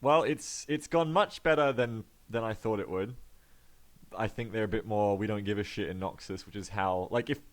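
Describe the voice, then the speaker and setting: A man's voice: on the low side, normal speed. A man playing in a tabletop game, chatting casually and joking with the group. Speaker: player.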